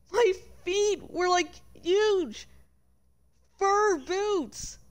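Woman, livestream book reader, expressive narration, high voice, unhurried. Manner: expressive, with chatty asides. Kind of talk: reading a novel aloud on a livestream.

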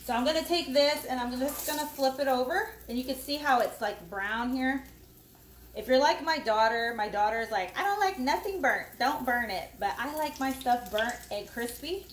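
A woman's voice: sits high, normal speed. A middle-aged woman chatting casually while she cooks in her home kitchen, rambling between steps. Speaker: cooking vlogger. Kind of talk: casual live cooking chat. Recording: echoey room with faint noise.

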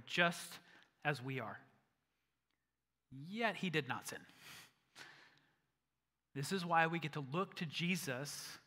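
A man's voice: on the high side, pushed and bright. A male pastor preaching a sermon in an earnest way that rises to emphatic peaks. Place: church sanctuary. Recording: long church-hall reverb.

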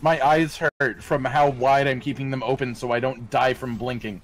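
A man letting out excited exclamations while gaming with friends in casual banter. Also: medium pitch, moderate pace. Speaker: gaming channel co-host.

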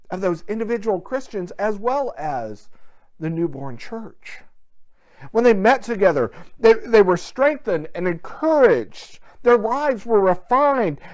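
A pastor preaching a sermon in an earnest, storytelling way, acting out quoted dialogue. The pitch rises and falls a great deal, so the delivery sounds animated. The service takes place without a gathered congregation.

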